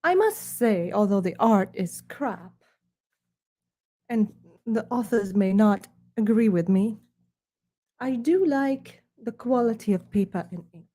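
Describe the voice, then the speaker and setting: A woman's voice: mid-range voice, mellow. A woman from Ukraine, talking in a put-on British accent and giving a sarcastic, mock-snobbish preview of her own art books. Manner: sarcastic, dry put-on posh delivery.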